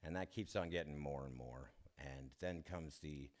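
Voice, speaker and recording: A man giving a candid, self-deprecating personal testimony, chuckling often and restarting his sentences. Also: a bass voice. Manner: halting restarts. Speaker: speaker sharing his recovery story.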